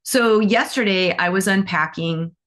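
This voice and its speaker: A woman's voice: medium pitch, a little slow, a bit bright. A middle-aged woman teaching animal Reiki in a casual, chatty way, telling personal stories and acting out quoted voices. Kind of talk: casual talk to students.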